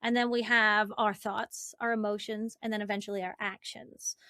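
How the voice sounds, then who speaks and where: A woman relationship coach, a guest in an interview, talking in an animated, chatty way with lots of "like" and "right?". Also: medium pitch, normal speed, dry recording, clean studio sound. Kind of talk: conversational interview.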